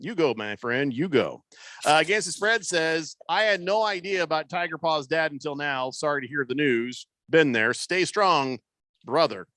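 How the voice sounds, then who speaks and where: A man's voice: a little high, lively intonation, normal speed, sharp tone, no room sound. A man hosting a sports radio show in casual chat, rambling loosely with plenty of fillers and restarts. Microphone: studio microphone.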